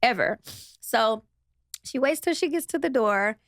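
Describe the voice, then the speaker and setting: A woman's voice: a little high, lively intonation, unhurried, dry recording, studio quality. A young adult woman, a guest in a casual interview, telling a story with animation, mimicking other people and swearing freely.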